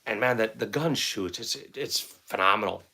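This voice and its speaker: Bright-voiced man telling a rambling story. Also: on the low side, normal speed, gravelly, husky. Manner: rambling, repeats words, conversational. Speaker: firearms channel host. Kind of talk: casual storytelling to camera.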